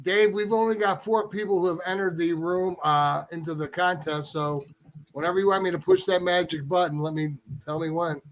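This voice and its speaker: A joking, brash man co-hosting a podcast. His voice runs notably high for a man. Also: fairly even intonation, moderate pace. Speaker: podcast co-host. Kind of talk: casual podcast chat.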